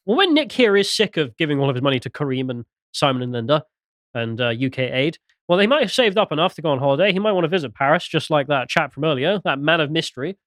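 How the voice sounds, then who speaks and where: A man's voice: a little high, very animated, quick pace, fairly bright tone, dry recording, clean studio sound. A British man co-hosting a podcast, reading out news stories with mocking, sarcastic commentary. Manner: mocking, sarcastic, swings into jokey mimicry.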